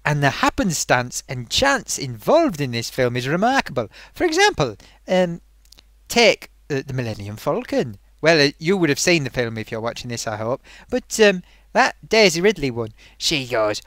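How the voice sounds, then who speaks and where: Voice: mid-range voice, big pitch swings, normal speed, a bit bright, dry recording. A film reviewer ranting in a rambling, sarcastic, exasperated way, full of ums and little laughs. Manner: frequent fillers and amused laughs.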